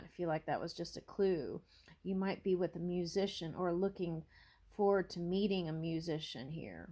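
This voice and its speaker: A woman doing a casual tarot reading, thinking aloud and musing over each card with small exclamations. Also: on the low side. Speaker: tarot reader.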